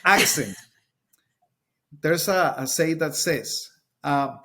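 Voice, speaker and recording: A man's voice: on the high side, animated, takes it slowly, pauses often, pushed and bright. A man with a Colombian Spanish accent, a Spanish teacher talking earnestly in a podcast interview and sometimes searching for words.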